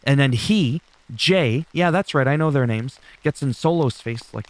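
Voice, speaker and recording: A man's voice: mid-range voice, normal speed. Chatty rambling man recapping a show. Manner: rambling, chatty, loose and profane. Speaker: wrestling recap YouTuber. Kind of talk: casual show recap commentary.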